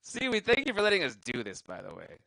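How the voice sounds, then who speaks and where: A man's voice: sits high, wildly swooping pitch, fast talker, creaky, sharp tone, no room sound, poor audio. Young male comic, loose rambling stand-up delivery, swears a lot, dry mic sound. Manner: rambling, laughs at his own jokes, profane. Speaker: stand-up comedian. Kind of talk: stand-up comedy set. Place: live show venue.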